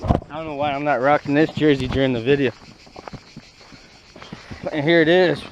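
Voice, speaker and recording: A man's voice: fairly high pitch, fairly even intonation, moderate pace, highs cut off, slight background noise. A young man from Canada vlogging casually outdoors at ancient ruins, rambling and swearing as he walks. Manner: brash, profane, rambling banter. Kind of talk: casual walking vlog.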